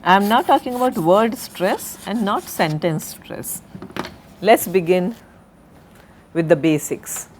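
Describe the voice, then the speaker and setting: Slow, deliberate woman lecturer. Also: mid-range voice, a little mellow, a little hiss or hum. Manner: slow, deliberate, spells out and repeats words. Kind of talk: recorded university lecture.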